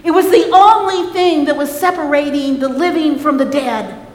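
A woman's voice: high voice, moderate pace, darkish tone. A woman preaching a sermon, speaking emphatically and calling on the congregation to respond. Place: church sanctuary. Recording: echoey church hall.

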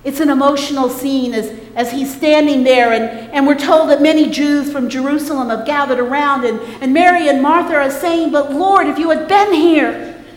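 Preaching in an echoey church sanctuary, a woman with a high-sitting voice speaks emphatically at a moderate pace with few pauses. She repeatedly urges the congregation to respond.

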